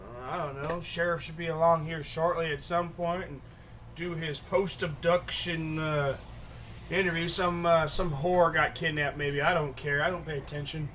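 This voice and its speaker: A man voices a rude, dismissive motel clerk with a scornful drawl, pitched high and bright. The sound is muffled and lo-fi. Faint hiss runs under it. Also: steady tone, moderate pace, close to an everyday voice.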